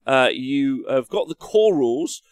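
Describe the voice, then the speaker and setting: A man's voice: mid-range voice, expressive, a little slow, no room sound. An English man hosting a wargaming show, chatting casually and rambling, cracking jokes, swearing now and then, and reading viewer comments aloud. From England. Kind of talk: casual live-stream chat.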